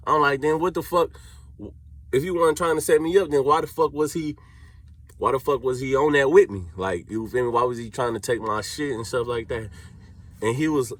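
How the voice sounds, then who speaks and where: A young man with a Cleveland accent and a husky, medium-pitched voice tells a lively story in casual street slang, playing out the quotes as he goes.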